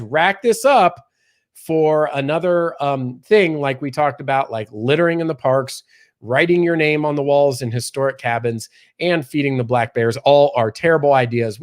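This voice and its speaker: Male livestream host, casual and chatty, reads comments and news aloud. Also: mid-range voice. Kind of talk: casual live-stream chat and news reading.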